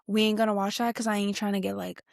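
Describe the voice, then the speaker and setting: A woman's voice: medium pitch, level tone, fast talker, vocal fry, no echo, clean studio sound. A young woman hosting a podcast, chatting casually in a rambling, slangy way, reacting to clips. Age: young adult. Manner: rambling, slangy, many fillers and restarts. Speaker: podcast host.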